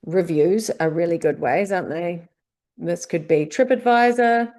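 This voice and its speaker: A woman's voice: lowish voice, measured pace, darkish tone. A woman with a New Zealand accent presenting a business tips lesson, talking through questions in a conversational way. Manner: conversational, asks many rhetorical questions.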